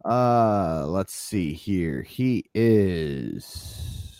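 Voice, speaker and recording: Low-voiced man chatting on a podcast. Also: animated, extremely slow, a little mellow, smooth, no echo. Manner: laughs often, looks things up aloud. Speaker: podcast co-host. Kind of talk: casual chat about wrestling.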